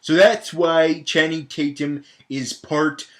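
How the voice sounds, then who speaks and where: A man's voice: a little high, fairly even intonation, slow. A man giving a casual comedic movie recap, rambling, with many fillers and stammered restarts. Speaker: film recap host.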